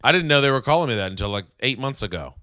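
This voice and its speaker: A man's voice: mid-range voice, lively intonation, very fast, pushed and bright, dry recording, clean studio sound. A man co-hosting a podcast in casual chat, joking, swearing and acting out people he quotes. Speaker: podcast co-host.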